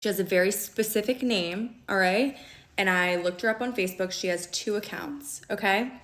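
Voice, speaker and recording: A woman's voice: medium pitch, normal speed, fairly bright tone. A woman telling a dramatic personal story to camera, indignant and frank, swearing and often checking in with the listener. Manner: dramatic, keeps checking in with "okay?" and "all right?". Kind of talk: casual storytime monologue to camera. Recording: roomy echo.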